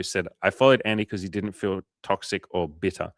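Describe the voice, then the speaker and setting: Casual and profane, a man hosting a coaching livestream tells animated stories to his viewers, voicing the quoted dialogue as he goes. He has a low voice and a fairly quick delivery with few pauses, recorded dry in clean studio sound.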